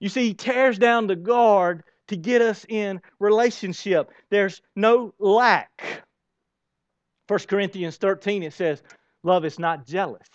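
A man preaching a sermon with a high, lively voice, throwing questions at his congregation and slipping into soft asides. The sound is dry and somewhat dull, lo-fi. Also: no room sound. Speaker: pastor.

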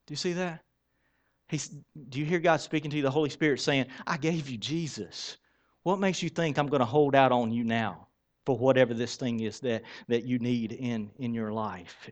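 A male pastor delivers a sermon to his congregation. He swings from emphatic, raised lines to soft, hushed asides. His voice sits at an ordinary middle pitch. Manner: dynamic preaching, swings from loud emphasis to hushed tones.

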